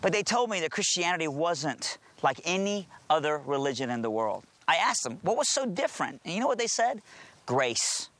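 A man's voice: fairly high pitch, animated, normal speed, fairly bright tone, dry recording. A man telling his conversion story and preaching in an earnest, emphatic storytelling manner. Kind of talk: testimony and sermon.

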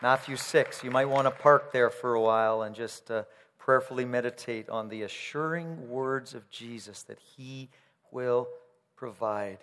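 Conversational pastor in an echoing hall. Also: male voice, mid-range voice, a little slow, a bit bright. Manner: conversational with fillers. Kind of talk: sermon. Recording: reverberant church hall.

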